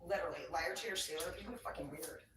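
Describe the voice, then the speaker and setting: A man's voice: fairly high pitch, racing, a crowd in the background. A man doing a livestream tarot reading in a heated, profanity-laced rant, picked up by a distant mic. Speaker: tarot reader. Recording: roomy, distant mic, faint ambience.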